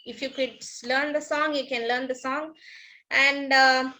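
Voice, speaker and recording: A woman teacher with an Indian English accent leads an online class in a high, bright voice. She patiently repeats each instruction, filling the gaps with "okay" and thanks. Her tone stays clear and ringing throughout. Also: steady tone, a little slow, poor audio.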